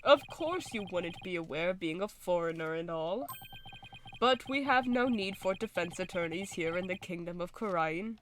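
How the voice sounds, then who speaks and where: A woman's voice: on the low side, normal speed, slight background noise. A woman streaming a game, reading the dialogue aloud in different voices and reacting with laughter and chatter between the lines. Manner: animated, laughs often, voices characters.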